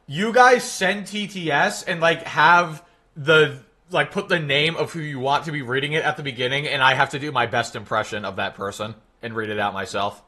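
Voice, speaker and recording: A man's voice: fairly high pitch, normal speed, sharp tone. A young man streaming live, chatting with his viewers in a jokey, exasperated way. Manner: exasperated, jokey, talks to chat. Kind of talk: casual live stream chat.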